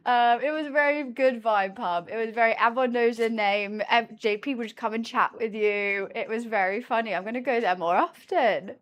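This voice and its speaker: A woman with a high, light voice chats away on a live stream while she cooks at home. She laughs often and drops into a soft cooing tone for her cat between stories for her chat. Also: normal speed.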